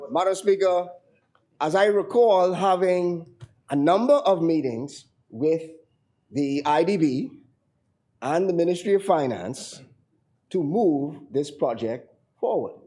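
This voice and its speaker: A hoarse man with a Bahamian accent giving a parliamentary debate speech, halting, with fillers and repeated words. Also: fairly high pitch, animated, dark tone. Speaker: member of parliament.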